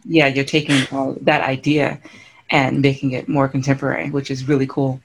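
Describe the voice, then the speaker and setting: A woman's voice: very deep voice, little pitch movement, vocal fry. A woman hosting a podcast, chatting in an enthusiastic, casual way. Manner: enthusiastic, chatty, quick to laugh. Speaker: podcast host.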